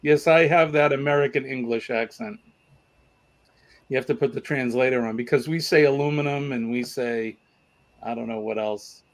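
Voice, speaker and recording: A man's voice: medium pitch, normal speed. A man with a Boston accent hosting a casual trivia livestream, chatting and reading out viewer comments. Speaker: trivia show host.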